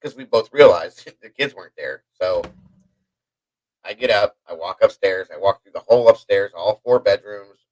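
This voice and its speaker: Hyper, rambling man host, low voice. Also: normal speed, darkish tone, dry recording, rough recording. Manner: hyper, rambling, chatty asides to viewers. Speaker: livestream host. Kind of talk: casual storytelling to a live chat.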